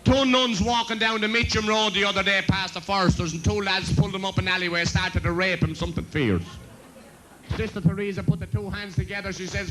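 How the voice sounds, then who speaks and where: A man's voice: high-pitched, fairly even intonation, brisk, fairly bright tone, low-quality recording. A man doing bawdy stand-up jokes on stage, chuckling at his own punchlines. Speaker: comedian and compere.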